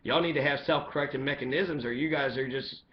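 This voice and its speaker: A man's voice: medium pitch, a little fast, lo-fi sound. A man giving an angry, profane monologue as a commentator, heated and ranting throughout.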